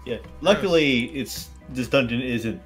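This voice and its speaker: A man's voice: medium pitch, lively intonation, a little slow, faint music behind. A man joking casually during a game stream.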